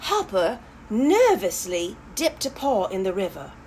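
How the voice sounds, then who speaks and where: A woman's voice: mid-range voice, a little slow, a little hiss or hum. A woman reading a children's story aloud, chatting to her young listeners between passages. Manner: animated, talks to young listeners.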